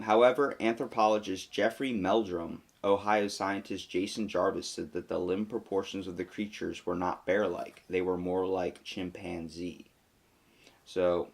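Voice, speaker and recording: Low male podcast co-host, casual, reads facts then jokes around. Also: gravelly. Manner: reads facts aloud then riffs jokingly, with fillers.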